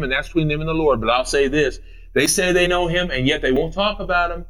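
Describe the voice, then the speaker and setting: A male pastor delivering a sermon in a fairly high voice. His pitch leaps around animatedly as he drives points home through repetition. He swings between loud declarations and quiet asides. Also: very animated, moderate pace, rough recording. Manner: emphatic preaching with heavy repetition, swinging between loud and hushed. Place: church.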